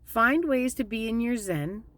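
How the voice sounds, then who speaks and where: A woman's voice: on the high side, no echo. Woman vlogging about finding peace, chatty and candid, voice swings up and down a lot. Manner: candid, animated, plainspoken, slows down to stress points. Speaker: spiritual vlogger. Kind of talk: casual motivational talk.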